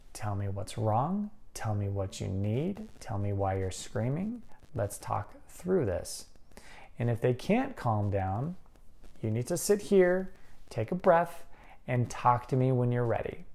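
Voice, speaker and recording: A man's voice: mid-range voice, mellow. A man hosting a podcast, talking earnestly and conversationally, often checking in with a "right?". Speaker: podcast host. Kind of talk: casual advice talk.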